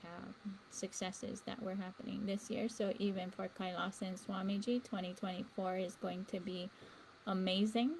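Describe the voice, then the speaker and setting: A woman's voice: mid-range voice, fairly even intonation, normal speed, creaky, a little mellow, slight background noise, poor audio. A woman hosting a spiritual livestream, talking earnestly and rambling with fillers. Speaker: livestream host. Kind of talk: casual spiritual talk.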